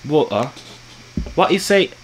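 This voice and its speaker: A man's voice: a little high, very animated, measured pace, slight background noise, pitched above the performer's own voice. A man doing an exaggerated, put-on British accent as a brash, insulting young British man in a prank video chat. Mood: teasing. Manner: loud, mocking, teasing, full of insults.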